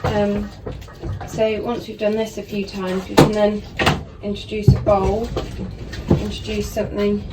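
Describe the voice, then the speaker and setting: A woman, a dog trainer, explaining hand feeding while filming on a phone held in her hand and softly praising her puppy. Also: medium pitch, monotone, a little slow, heavy background noise. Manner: soft murmured praise to the puppy. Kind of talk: casual instructional talk.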